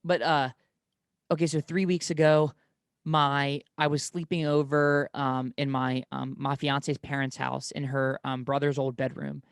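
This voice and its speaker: A man's voice: medium pitch, flat delivery, a little slow, gravelly, smooth, no echo, studio quality. A young man telling rambling personal stories in casual conversation, often correcting himself mid-sentence. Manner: rambling storyteller, many self-corrections.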